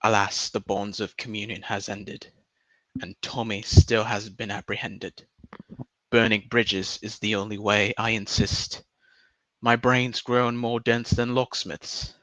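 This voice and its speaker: A man's voice: lowish voice, flat delivery, measured pace, pushed and bright, no echo. A man putting on a pompous English poet. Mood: mock-solemn. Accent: put-on English. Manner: grandiose, theatrical recitation. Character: mock-solemn English poet reciting verse, adult man.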